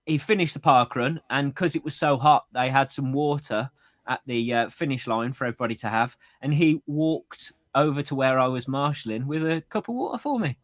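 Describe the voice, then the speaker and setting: A man's voice: medium pitch, a little fast, no echo, studio quality. A man co-hosting a podcast in casual chat, reading out listener messages and laughing often. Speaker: podcast co-host.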